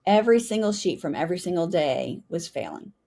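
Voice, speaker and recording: A woman's voice: lowish voice, animated, fairly quick, vocal fry, dark tone. A middle-aged woman from the United States, a retired Army pilot, telling her story as a guest and often asking "right?". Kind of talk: storytelling interview.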